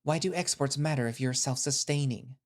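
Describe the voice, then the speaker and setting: A man's voice: medium pitch, a little fast, lightly acted. A man playing an anxious young man who stammers and pleads in a raised voice. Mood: uneasy.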